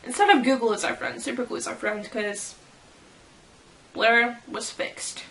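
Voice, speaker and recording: A woman's voice: a little high, a little slow, vocal fry, a bit bright, slight background noise. A woman chatting casually as a fan vlogger, reading fan fiction quotes aloud and giggling about how people would react. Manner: giggly and playful.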